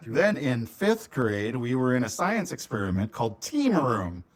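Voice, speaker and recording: A middle-aged man from Minnesota co-hosts a casual podcast with an old friend. He tells childhood stories in an animated way and laughs often. His voice swings widely in pitch at a mid-range level. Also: a little slow. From Minnesota, USA. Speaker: podcast co-host.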